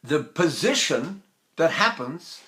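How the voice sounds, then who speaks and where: An older man leads a singing lesson, his speaking voice pitched high and ringing bright. He talks in short, deliberate phrases and drops into sung syllable drills to demonstrate. Now and then he drifts a little away from the microphone. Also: very animated. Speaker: voice teacher.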